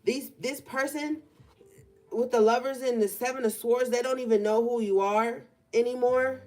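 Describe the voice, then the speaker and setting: A young woman gives a collective tarot reading in a relaxed, conversational way, leaning on certain words and slowing down to stress them. Her voice sits slightly high, and she talks from a room by an open window. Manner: casual, conversational, drawn-out emphasis. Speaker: tarot reader.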